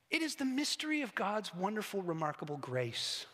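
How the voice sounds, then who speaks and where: A man preaching a sermon as pastor, animated, swinging between loud emphatic highs and hushed quiet lows. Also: moderate pace, hardly any pauses. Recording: echoey church hall, long reverb.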